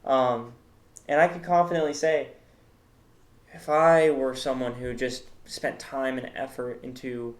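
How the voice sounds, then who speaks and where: A man hosting a comedic tier-list commentary, rambling in a mock-serious way with lots of fillers. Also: mid-range voice. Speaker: host.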